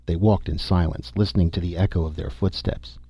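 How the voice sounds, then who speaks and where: Deep husky man narrating a story. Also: fairly even intonation, a little fast, dark tone, no echo. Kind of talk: audiobook narration.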